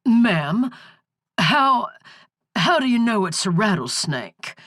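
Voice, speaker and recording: A woman's voice: medium pitch, big pitch swings, slow pace, fairly bright tone, dry recording, studio quality, pitched above the performer's own voice. A woman voicing a male small-town sheriff who answers the phone with polite, formal patience. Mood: puzzled.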